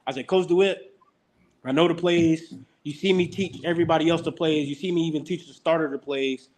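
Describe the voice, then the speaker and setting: Young college football guy on a podcast, acts out all the quotes, higher voice. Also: fairly quick. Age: young adult. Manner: animated storyteller who acts out quotes. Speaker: college football player guest. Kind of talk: casual storytelling interview.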